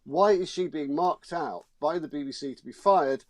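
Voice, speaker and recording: A man's voice: on the high side, moderate pace, no room sound. Indignant male journalist guest. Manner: emphatic, indignant, repeats words. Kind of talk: opinionated studio discussion. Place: TV studio.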